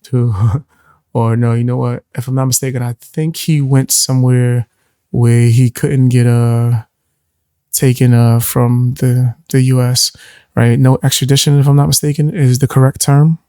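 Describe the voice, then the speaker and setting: A man hosting a casual reaction video, his voice raspy and strained from overuse, chatting in a relaxed, thinking-aloud way. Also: medium pitch, a little slow, no echo, studio quality.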